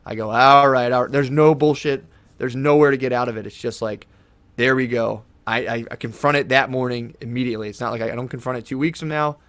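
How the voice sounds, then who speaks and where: A laid-back podcast guest, a man with a mid-range voice, talks fast and wanders from point to point in casual chat. Swearing comes often, and he calls the host "dude." The podcast studio mic captures him with no echo.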